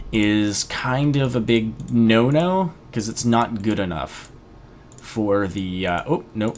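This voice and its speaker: A young man casually commenting on his gameplay, chatty and rambling, with sudden excited outbursts. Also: fairly low pitch, slight background noise. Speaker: gaming video host.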